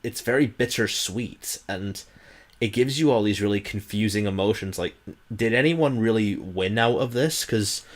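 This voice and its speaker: A man's voice: fairly low pitch, moderate pace. A man co-hosting a podcast, chatting casually about old films in a thoughtful, earnest and slightly hesitant way. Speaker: podcast co-host.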